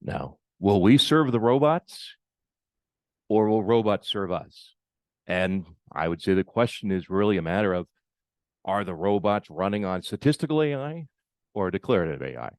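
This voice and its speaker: An American man giving a conference keynote talk, halting and often repeating his words as he goes. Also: fairly low pitch, lively intonation, dry recording, studio quality. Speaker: keynote speaker.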